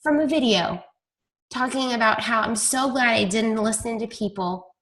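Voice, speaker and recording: Woman, team leader, casual storytelling on a group call, self-deprecating, fairly high voice. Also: normal speed, a bit bright.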